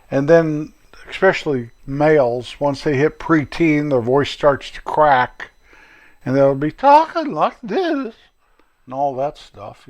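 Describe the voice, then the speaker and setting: Older grandfatherly man, mid-pitched, folksy and rambling; solo podcast host. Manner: folksy and rambling, chatty asides. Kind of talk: casual solo podcast monologue.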